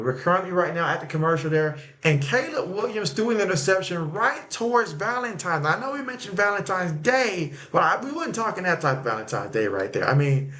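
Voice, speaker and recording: Chatty man calling a game live, slightly high voice. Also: sharp tone. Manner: loose and conversational, many fillers, reacts to plays as they happen. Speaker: livestream sports host. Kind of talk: casual live game commentary and chat reading.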